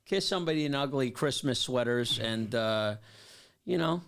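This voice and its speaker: A man's voice: mid-range voice, expressive, normal speed, creaky, a bit bright. A young man hosting a podcast, chatting in a laid-back way with some swearing. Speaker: podcast host. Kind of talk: casual chat.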